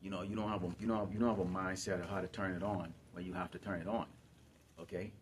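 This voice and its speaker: Low-voiced emphatic man preaching. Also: flat delivery, fast, a little hiss or hum. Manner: emphatic, repetitive, asks the listeners questions. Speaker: camp teacher. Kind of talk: preaching to a congregation.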